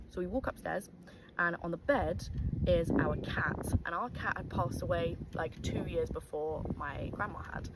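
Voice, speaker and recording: A woman's voice: on the low side, brisk, slight background noise, poor audio. A young woman telling a true story in a casual, chatty way, full of "um" and "like". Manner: chatty, lots of fillers like "um" and "like".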